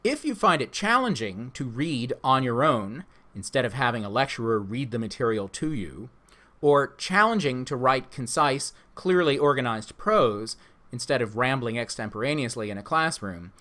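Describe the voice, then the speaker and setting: Man giving a measured course orientation. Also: medium pitch, expressive, pushed and bright. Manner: measured, instructive. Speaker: instructor.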